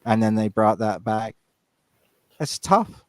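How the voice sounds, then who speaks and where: Podcast co-host, Northern Irish man, lowish voice, rambling casual talk. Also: animated, slow, dry recording. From Northern Ireland. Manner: rambling, many restarts and "you know". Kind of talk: casual chat.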